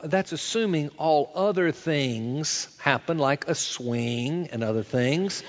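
A man's voice: a little high, lively intonation, slow pace, hardly any pauses, muffled recording. Man preaching in a big echoing hall. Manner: folksy preaching with storytelling and acted-out quotes. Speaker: pastor. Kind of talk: sermon.

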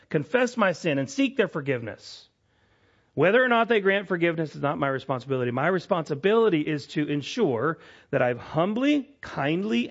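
A man preaching a sermon with a voice that sits a little high. He is earnest, lifting his voice to stress his main points. The recording sounds dull and lo-fi. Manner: earnest, rising to emphatic peaks, drops soft for quoted apologies. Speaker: pastor.

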